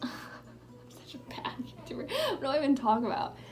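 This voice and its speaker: A young woman with a slightly high voice rambles through a casual home vlog, full of fillers and sudden trailing whispers. Faint music plays softly behind her. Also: brisk. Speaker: vlogger. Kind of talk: casual chatty vlog while doing makeup. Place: indoors at home.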